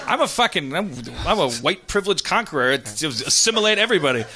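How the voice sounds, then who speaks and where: A man's voice: sits high, fast talker. A man hosting a comedy podcast, telling a story animatedly with lots of swearing and laughter. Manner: animated, profane, laughing while telling stories. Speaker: podcast host.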